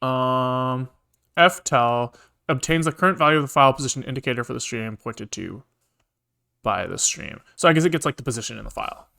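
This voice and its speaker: A man's voice: mid-range voice, brisk, gravelly, sharp tone. A man casually explaining his programming work on a live stream, talking loosely and thinking aloud with lots of filler words.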